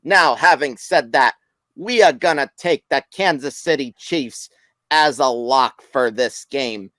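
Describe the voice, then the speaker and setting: A man's voice: medium pitch, slow pace, sharp tone, dry recording. A man doing a pompous old-school sportscaster. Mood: grandiose.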